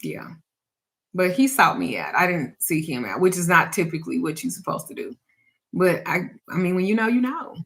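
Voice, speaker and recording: A woman's voice: lowish voice, very animated, normal speed, fairly bright tone. A woman who teaches spiritual practice and does readings, telling a personal story in casual, candid talk. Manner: candid and reflective, trails off with restarts.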